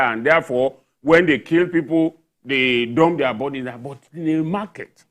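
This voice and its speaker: A man's voice: a little high, fairly bright tone. A man on a television panel, talking with indignation and firing off rhetorical questions. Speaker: journalist panelist. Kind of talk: studio panel discussion. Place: television studio.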